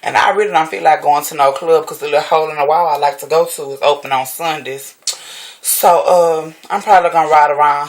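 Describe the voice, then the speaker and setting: A woman ranting casually to camera at home, profane and sassy, jumping up high in pitch when she exclaims. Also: fairly bright tone. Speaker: vlogger.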